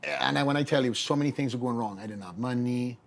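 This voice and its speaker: A man's voice: mid-range voice, quick pace, vocal fry. A middle-aged man with a Welsh accent, a bodybuilder telling his story as a podcast guest, acting out the voices of people he quotes. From Wales. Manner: animated storyteller who acts out quoted voices.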